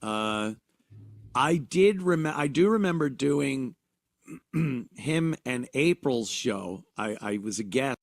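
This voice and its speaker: A man talking casually on a podcast, hesitant, pausing with fillers and trailing off. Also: mid-range voice, lively intonation, creaky, no echo. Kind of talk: casual chat.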